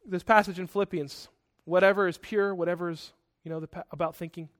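A man preaches a sermon. He is animated and acts out angry outbursts, and he corrects himself mid-sentence as he goes. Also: high voice, fast.

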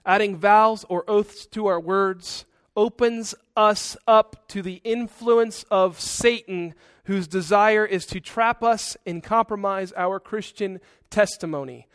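A man's voice: sits high, slow pace, hardly any pauses, fairly bright tone, dry recording, clean studio sound. A male pastor preaching a sermon in an earnest, conversational way, with asides.

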